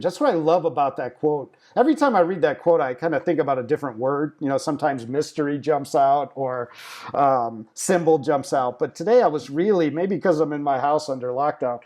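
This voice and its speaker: A man hosting a conversation from his own house. He thinks aloud in a reflective way, with a fairly high voice. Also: animated, brisk, a little mellow. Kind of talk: casual conversation.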